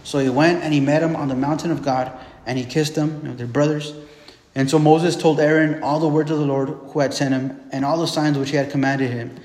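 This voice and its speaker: A man preaching in a relaxed, conversational way, often stumbling over repeated words and tossing in "right?" to his listeners. His fairly high voice rings out in a roomy hall with a long reverb tail. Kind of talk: casual sermon teaching.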